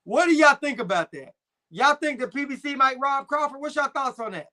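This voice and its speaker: High bright-voiced young guy on a live stream, chill slangy chat reading comments. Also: lively intonation, a little fast. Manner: laid-back slangy banter, frequent fillers.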